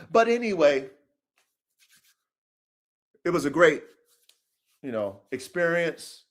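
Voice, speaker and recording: High-voiced man preaching on a podcast. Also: sing-song, slow, pauses often. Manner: profane, preachy, swings from low mutters to shouts. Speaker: podcast host. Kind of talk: motivational podcast monologue.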